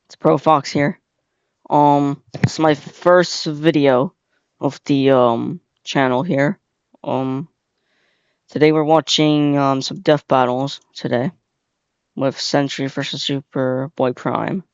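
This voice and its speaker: A man's voice: medium pitch, steady tone, slow pace, smooth, no echo. A young man hosting a casual reaction video, rambling with lots of fillers and slang. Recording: dull, lo-fi, dry sound.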